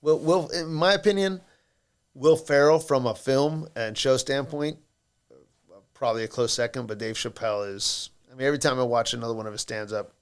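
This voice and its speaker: A man's voice: medium pitch, fairly quick, clear, resonant tone. A man in his thirties, a podcast guest in a studio, talking in a rambling, profane, joking way. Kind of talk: casual podcast chat.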